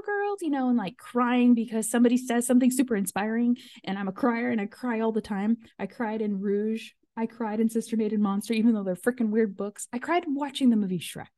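A woman in her thirties chats on her podcast, with plenty of "um" and "like" as she goes. Her voice is mellow and dark, and the recording is dry with no room sound. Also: mid-range voice, no room sound. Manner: chatty, full of fillers and "like". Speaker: podcast host. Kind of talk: casual chat.

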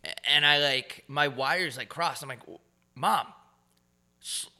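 A man's voice: a little high, moderate pace. A man in his twenties co-hosting a podcast, ranting in crude, mocking casual banter. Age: 20s. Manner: crude, mocking, animated rants. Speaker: podcast co-host.

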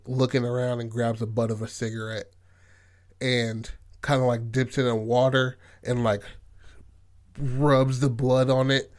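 Man, podcast host, casual film recap, profane, filler-heavy, mid-pitched. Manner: loose and profane, full of "like" and "you know what I mean". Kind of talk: casual retelling of a film plot.

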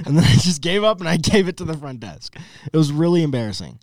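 Animated young man telling a story. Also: on the high side, brisk, dry recording, studio quality. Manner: animated storyteller acting out his own lines. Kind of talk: casual storytelling chat.

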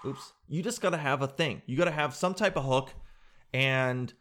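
A man's voice: mid-range voice, moderate pace. A man hosting a reaction video, talking casually and animatedly to his viewers and laughing often. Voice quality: animated, laughing, addresses viewers as guys and dude.

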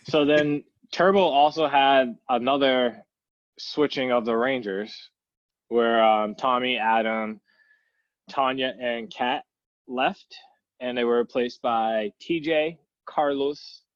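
A man's voice: mid-range voice, steady tone, slow pace, no room sound. A man co-hosting a casual chat, easygoing, with apologetic asides. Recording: dull lo-fi mic.

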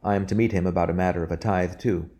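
A man voicing a courteous young gentleman heir with a dry, wry manner. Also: low voice, fairly even intonation, fast talker, close to an everyday voice.

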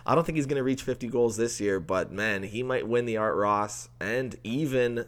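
A man's voice: medium pitch, moderate pace. A man co-hosting a casual sports podcast, easygoing and ribbing his partner drily. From Canada. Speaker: podcast co-host.

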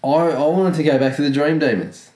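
A man's voice: on the high side, steady tone, a little fast, a little mellow. Man, sarcastic, casual review chat, roomy echo. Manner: sarcastic, laughs while ranting. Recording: echoey room.

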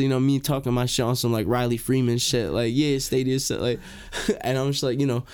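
A young man casually telling a long story, animated and slangy, swearing freely and filling with "like" and "bro". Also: mid-range voice, a little fast, clean tone.

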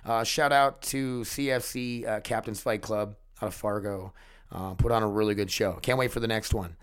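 A man chatting casually to his viewers in a rambling, excitable way, swearing freely. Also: lowish voice, moderate pace, clean tone. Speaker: vlogger. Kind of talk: casual chat to camera.

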